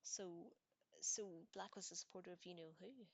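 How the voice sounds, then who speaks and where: A woman's voice: fairly low pitch, normal speed, breathy edge, no echo. A woman voicing a hasty, apologetic teenage boy in a whispered storybook reading. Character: nervous teenage boy wizard.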